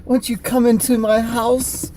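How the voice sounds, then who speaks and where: A man playing a wrestler who imitates a gentle TV host, in a clumsy fake British accent and a hesitant, sing-song manner. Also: very high voice, level tone, unhurried, slight background noise, voice pushed up. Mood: mock gentle.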